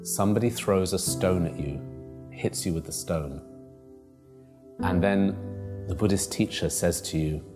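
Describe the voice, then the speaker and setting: Man, very low voice, Buddhist teacher, explanatory storytelling, clear guitar music behind. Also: unhurried, pauses often. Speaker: meditation teacher. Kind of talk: spoken teaching.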